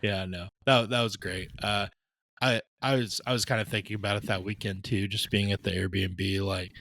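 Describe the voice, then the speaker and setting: A man's voice: on the low side, fairly even intonation, moderate pace, creaky, fairly bright tone, no room sound. A man co-hosting a podcast, talking in a reflective, easygoing way. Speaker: podcast co-host. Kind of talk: casual podcast chat.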